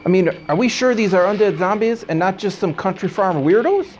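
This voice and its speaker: A man's voice: sits high, fairly quick, a little mellow, a little hiss or hum. A man hosting a horror movie show, cracking goofy, wry jokes between scenes, on a dull old home VHS recording. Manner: goofy, joking, wry asides. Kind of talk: comedic TV host banter.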